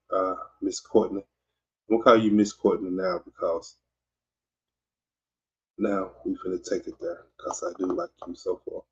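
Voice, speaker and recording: A man from Mississippi with a Southern accent hosts a podcast in loose livestream chat, rambling and teasing as he goes. His voice is very low, with a gravelly fry. The recording sounds dull and lo-fi. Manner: rambling and teasing, many fillers and restarts. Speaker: podcast host. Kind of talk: casual livestream chat reading comments.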